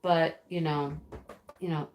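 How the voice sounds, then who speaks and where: A woman's voice: low-pitched, steady tone, slow pace, highs cut off, a little hiss or hum. A woman hosting a casual live stream, chatting, laughing often and reading out viewer comments. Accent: American. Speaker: livestream host. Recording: roomy echo.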